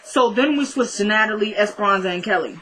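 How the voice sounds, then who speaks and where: A young woman recapping a TV episode in a casual vlog, chatty and excitable, rambling with lots of "like"s. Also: mid-range voice, fast. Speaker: TV show reviewer.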